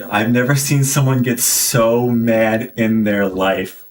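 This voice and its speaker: A gaming streamer plays while rambling through casual anecdotes, full of fillers and restarts. His voice is medium-pitched and slow-paced, and he sounds recorded from a distance.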